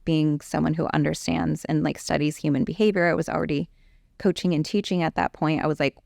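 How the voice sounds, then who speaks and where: Gravelly, low-voiced woman telling a story. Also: brisk, no echo, clean studio sound. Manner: animated, acts out quoted exchanges with a therapist. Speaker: coach. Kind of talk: storytelling in a conversational interview.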